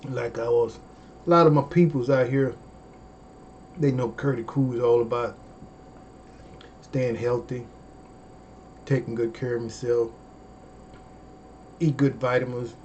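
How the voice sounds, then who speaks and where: A man, hosting a comedy livestream in casual chat, animated and folksy, with drawn-out exclamations. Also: medium pitch, a little hiss or hum.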